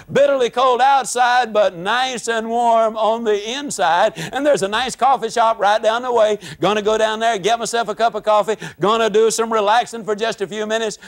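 A man giving a motivational speech, telling stories in a folksy, animated way and acting out angry rants. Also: high voice. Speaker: motivational speaker.

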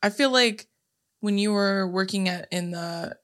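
A woman's voice: medium pitch, a little slow, a bit bright. A young woman co-hosting a podcast, telling stories in a blunt, casual way with a lot of swearing. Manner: blunt storytelling with frequent swearing. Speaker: podcast co-host. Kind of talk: casual chat.

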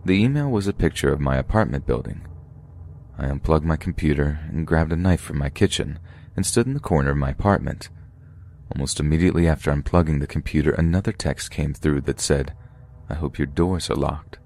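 A man narrating true scary stories for a podcast in a steady, measured way. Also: very deep voice.

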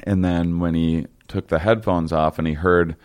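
A young man telling a long story in casual chat, halting and rambling, with many fillers and restarts. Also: sits low, fairly even intonation, darkish tone, clear, resonant tone.

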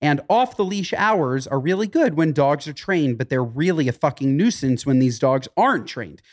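A man's voice: on the high side, moderate pace. A man co-hosting a podcast, telling an anecdote in casual chat and acting out the people in it. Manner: animated storyteller, voices the people in his stories. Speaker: podcast co-host.

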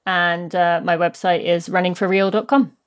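A British woman, a guest and book author, talking in a warm, easy way with plenty of ums. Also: lowish voice, fairly even intonation, moderate pace, clean tone. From Britain. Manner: warm, laughs easily, many ums. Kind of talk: casual podcast interview.

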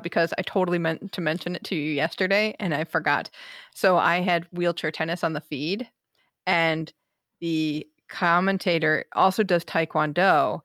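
A woman's voice: on the low side, fairly bright tone, no echo, clean studio sound. A woman co-hosting a podcast, chatting casually and laughing easily with her co-host. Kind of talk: casual chat.

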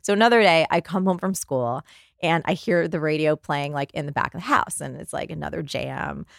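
A woman in her forties from New Jersey, a guest author and life coach, telling animated stories in an interview and acting out the voices in them. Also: sits low, a little fast, gravelly, no room sound, studio quality. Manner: lively, acts out voices in her anecdotes.

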